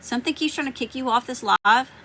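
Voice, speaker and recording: Bright-voiced Southern US woman reading tarot. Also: fairly high pitch, fast talker, slight background noise, low-quality recording. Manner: chatty, greets viewers by name. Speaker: tarot reader.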